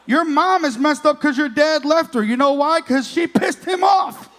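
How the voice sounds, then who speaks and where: A man's voice: very high-pitched, normal speed, a bit bright. A man in his late thirties doing a crude, profane stand-up comedy set on a comedy club stage, working the crowd. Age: 30s.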